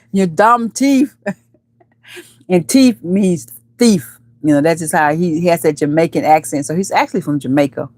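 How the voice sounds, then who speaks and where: A woman hosting a casual live stream, chatting playfully with viewers, calling them baby and honey and breaking into high squeals. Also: moderate pace, mellow, no echo. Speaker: livestream host.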